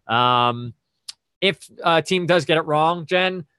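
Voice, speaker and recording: A man's voice: fairly high pitch, slow, bright, forceful tone, clean tone, dry recording. Chatty male trivia host on a dry video call. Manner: conversational, methodical, chatty asides. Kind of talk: explaining rules and reading clues.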